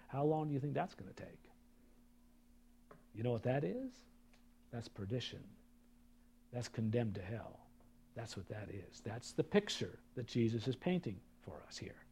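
A man preaching a sermon, reading scripture aloud and breaking off for asides to the congregation, swinging from loud, emphatic reading to low, quiet remarks. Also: gravelly, breathy edge. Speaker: pastor.

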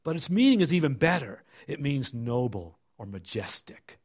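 A middle-aged male pastor giving a sermon and reading scripture aloud, emphatic, then falling soft and low for asides. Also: sing-song, normal speed.

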